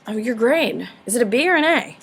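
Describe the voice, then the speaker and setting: A young woman teaching a high school history class, lively and casual, joking and chatting with her students between points. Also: fairly quick. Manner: animated, casual and slangy, jokes with students. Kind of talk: classroom lecture.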